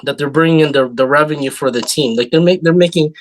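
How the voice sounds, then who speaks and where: A man's voice: fairly high pitch, quick pace. Hesitant man co-hosting a sports show. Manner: hesitant, restarting phrases and repeating words. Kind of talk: sports talk show chat.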